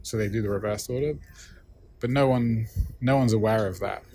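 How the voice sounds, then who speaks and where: Lower-voiced man explaining with examples. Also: normal speed, dark tone, no echo, soft background music. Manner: explains with examples, often checking in with "right?". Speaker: linguist being interviewed. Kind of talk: casual explanatory interview answer. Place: busy conference venue.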